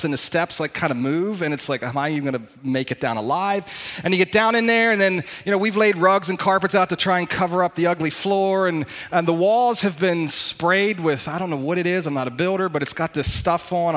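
High-voiced man preaching a sermon. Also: fairly bright tone. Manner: conversational, emphatic preaching with pauses. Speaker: pastor. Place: church sanctuary.

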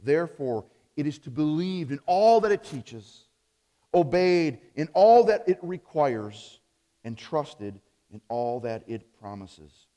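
A man preaching a sermon as pastor, emphatic, punching key words and letting phrase endings drop low. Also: big pitch swings, slow pace, long reverb tail. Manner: emphatic, swings between loud stresses and low dropped phrase endings.

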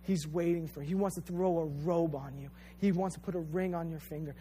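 A man's voice: fairly high pitch, steady tone, a little fast, dark tone, slight background noise. A man preaching a sermon in an earnest, emphatic way. He repeats phrases and speaks directly to his listeners. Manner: addresses listeners directly as "you guys".

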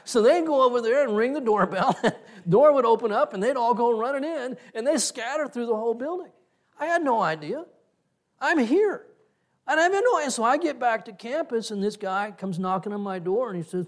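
High-voiced animated male preacher. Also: brisk. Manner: animated storyteller, acts out quoted exchanges with laughter. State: breathes through one side of nose. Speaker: pastor. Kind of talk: sermon with personal stories.

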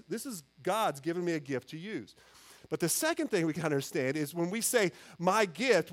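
A man with a notably high-pitched voice delivers a sermon from the pulpit. He preaches earnestly and conversationally, often stopping and restarting his phrases as he works through his point. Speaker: pastor.

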